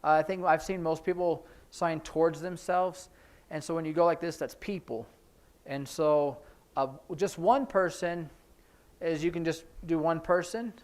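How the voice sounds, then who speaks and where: A man leads a relaxed sign language lesson, chatting his way through each sign. His speaking voice sits a little higher than most men's. He talks informally and often pauses on fillers as he demonstrates. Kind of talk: casual classroom teaching. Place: church classroom.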